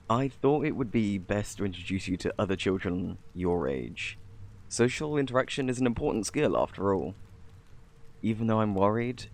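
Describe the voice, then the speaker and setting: A gentle alien parent, played by a British man, speaks in a soft, formal, slightly awkward way. This whispered role-play voice is low and gravelly, with lively swings in pitch. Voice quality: soft-spoken, formal and polite.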